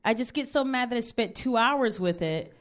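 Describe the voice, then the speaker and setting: A woman's voice: a little high, expressive, normal speed. Laid-back woman doing stand-up. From Ohio, US. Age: 30s. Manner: laid-back, wry, with many fillers. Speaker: stand-up comedian. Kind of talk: stand-up comedy set. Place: stage before a live audience.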